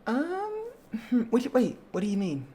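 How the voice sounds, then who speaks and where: Woman voicing a nagging middle-aged aunt in a tabletop game: flustered and bossy, animated pitch. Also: normal speed. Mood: scolding. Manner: flustered, scolding, fussy questions.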